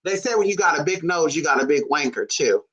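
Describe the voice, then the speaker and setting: A vlogger ranting casually in a sassy, profane way, full of teasing asides, swinging between low mutters and high squeals. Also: lively intonation, brisk, fairly bright tone, rough recording. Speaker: vlogger on spiritual history.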